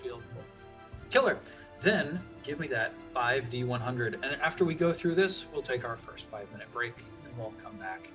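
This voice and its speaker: A man acting as game master of a tabletop game, upbeat and quick with affirmations. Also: mid-range voice, lively intonation, fairly bright tone, soft background music.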